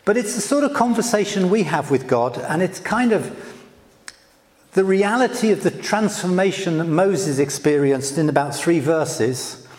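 A male preacher giving a gentle, conversational sermon, with frequent "you know" asides. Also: high voice, animated, measured pace, big-room sound.

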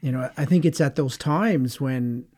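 A mid-range, darkish male voice at normal speed belongs to a co-host on a faith webcast. Reflective and meandering, he circles his thoughts and keeps saying "you know."

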